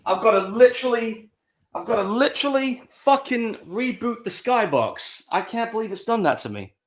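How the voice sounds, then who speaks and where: A man's voice: very high-pitched, lively intonation, moderate pace, echoey room. A man co-hosting a live movie stream, muttering and swearing freely under his breath. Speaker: co-host. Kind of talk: casual live stream chat.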